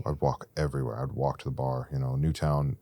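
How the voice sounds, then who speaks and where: A young man as a podcast guest, candidly telling a rambling story about his recovery and rising to loud, intense peaks. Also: a bass voice, little pitch movement, brisk, no room sound.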